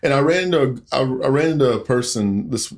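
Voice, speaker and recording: A man co-hosting a relaxed chat podcast. He tells easygoing stories and drops joking asides. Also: mid-range voice, quick pace, creaky. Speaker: podcast co-host. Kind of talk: casual chat.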